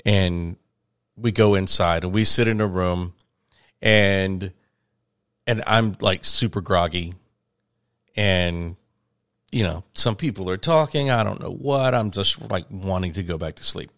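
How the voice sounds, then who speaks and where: A man's voice: low-pitched, a little slow, long pauses, a bit bright, no echo, clean studio sound. A man telling a long, rambling touring anecdote in casual conversation, acting out the quoted voices. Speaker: touring musician guest. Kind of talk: storytelling in casual chat.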